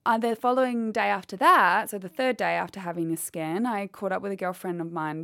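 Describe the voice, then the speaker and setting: A woman's voice: mid-range voice, brisk, vocal fry, few pauses, fairly bright tone, no echo. A woman, telling a painful personal story candidly in an interview. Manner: candid, quotes others as she retells. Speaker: guest.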